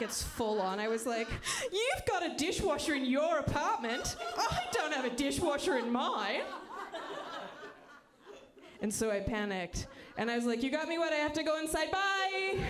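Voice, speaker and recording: A woman works a comedy club stage. She rambles in a chatty, self-mocking way, peppering her lines with "like" and quick asides. Her pitch sits in an ordinary middle range. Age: 30s. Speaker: stand-up comedian. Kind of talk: stand-up comedy set.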